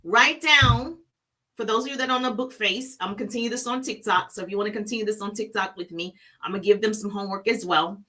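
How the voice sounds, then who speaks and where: A middle-aged woman giving business coaching on a live stream, animated and preachy, repeating key phrases for emphasis. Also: mid-range voice, fast talker.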